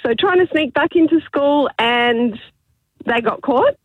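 A woman's voice: high-pitched, measured pace, dry recording, phone-quality sound. A woman calls in to a radio show and tells a story in a chatty way. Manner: chatty storyteller, laughs at her own story. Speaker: caller. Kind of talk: telling an anecdote on a phone-in.

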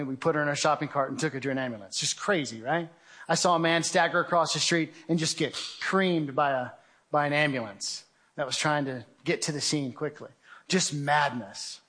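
Man telling a gripping personal story. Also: a little high. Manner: vivid storytelling, acts out his own shouts, addresses listeners as guys. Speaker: speaker giving a testimony presentation. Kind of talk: dramatic spoken testimony to a live audience.

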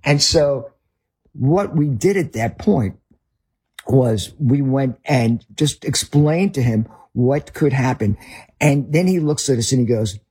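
A man's voice: medium pitch, animated, takes it slowly, warm tone, slightly rough. A man with a Northern US accent, a ministry leader telling a story in conversation, rambling with restarts.

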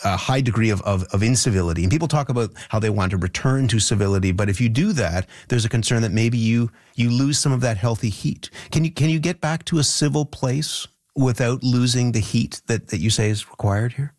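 A man interviewing an author, asking measured, probing questions with some repeated words. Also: medium pitch, a little mellow, no room sound, clean studio sound.

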